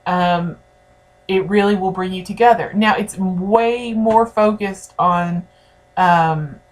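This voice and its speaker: A woman's voice: medium pitch, fairly even intonation, slow. A woman teaching a history lesson in a conversational way, speaking directly to her students. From United States. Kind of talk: recorded classroom lecture.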